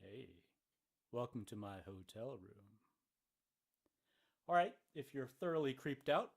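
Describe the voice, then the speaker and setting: A male college English professor giving an informal video lecture from a hotel room, in a playful, chatty way with joking asides. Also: medium pitch.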